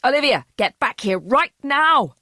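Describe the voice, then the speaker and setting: A woman voicing a frantic, menacing middle-aged father who shouts through a door. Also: mid-range voice, animated, normal speed, dry recording, studio quality, pitched above the performer's own voice, natural voice. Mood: shouting.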